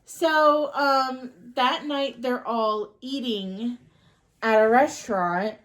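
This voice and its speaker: Slow, halting woman podcast co-host. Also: fairly high pitch, fairly bright tone. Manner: rambling and halting, full of ums. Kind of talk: casual chat recapping a movie.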